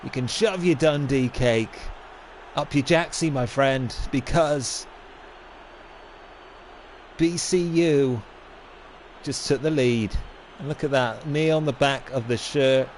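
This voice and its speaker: A man's voice: medium pitch, a little slow, slight background noise. A young man doing comic commentary over a football game, playing a mock-serious pundit who rants and gets indignant.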